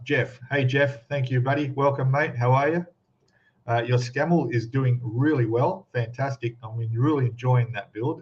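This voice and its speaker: A man hosting a casual live stream, chatting and greeting viewers one by one by name. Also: medium pitch. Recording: slightly dull lo-fi sound.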